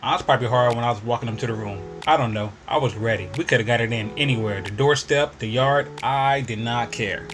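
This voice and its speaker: A man's voice: mid-range voice, brisk, few pauses. Slangy man telling a comic story. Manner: slangy, animated, breaks into laughter. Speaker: storyteller vlogger. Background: video game music.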